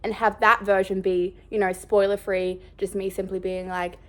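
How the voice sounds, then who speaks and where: A woman vlogging in a casual, rambling way, bubbly and excitable. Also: medium pitch, moderate pace. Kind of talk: casual chat.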